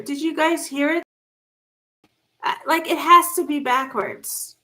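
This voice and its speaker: Slow-talking high-voiced woman streamer. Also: fairly even intonation, pushed and bright, poor audio. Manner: reads text messages aloud and reacts to chat. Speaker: livestream host reading viewer comments. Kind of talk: casual live-stream commentary.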